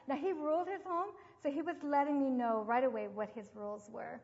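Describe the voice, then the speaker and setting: An older woman teaching about parenting in a devotional talk, telling lively stories with acted quotes. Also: high-pitched, brisk, few pauses. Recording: dull, echoey hall recording.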